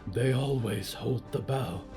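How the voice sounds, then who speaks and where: Stitched creature, stiff and formal, fearful servant, voice set a touch higher and thinner, as the storyteller puts it on. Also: male voice, slow, creaky, warm tone, faint music behind. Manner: stiff formal speech without contractions.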